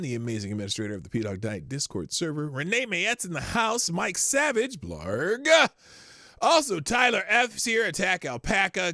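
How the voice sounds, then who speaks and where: A middle-aged man hosts a casual livestream, rambling, laughing and calling out viewers by name. His voice is bright and swings widely in pitch, with a slightly high-set tone and a lingering cough. The sound is dry and close. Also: gravelly, no echo. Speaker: livestream host.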